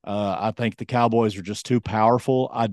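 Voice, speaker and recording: A man's voice: on the low side, steady tone, moderate pace, a little mellow, no echo, clean studio sound. Hesitant man chatting on a podcast. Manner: rambling, hesitant with many ums. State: voice going hoarse. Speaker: podcast co-host. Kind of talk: casual sports chat.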